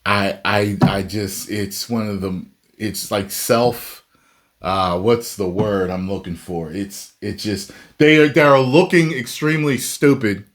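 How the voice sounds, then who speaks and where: Brief: male reaction host with a lowish voice, emphatic and ranting. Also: a little slow. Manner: ranting, emphatic, laughs often. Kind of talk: reaction commentary.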